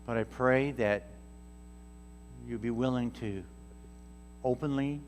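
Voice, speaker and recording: A guest missionary preaches a storytelling sermon in a church sanctuary, acting out the people in his stories. His mid-range voice takes things slowly. The reverberant church hall carries soft music and slight background noise.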